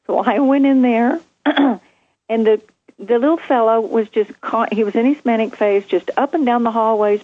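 A woman, a former nurse, telling a vivid story from her training in a lively conversation. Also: on the high side, moderate pace, dull audio. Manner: animated, vivid storytelling with acted quotes. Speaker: guest, nurse.

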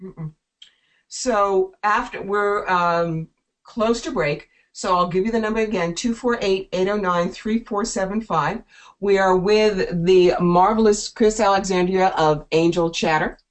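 A woman from South Jersey hosting a call-in radio show, talking in a brisk, playful, chatty way. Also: mid-range voice. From South Jersey, USA.

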